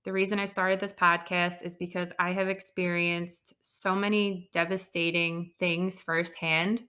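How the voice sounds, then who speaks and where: A woman hosting her own podcast, telling a personal story in an earnest, reflective way with frequent pauses. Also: fairly low pitch, little pitch movement, pushed and bright. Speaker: podcast host.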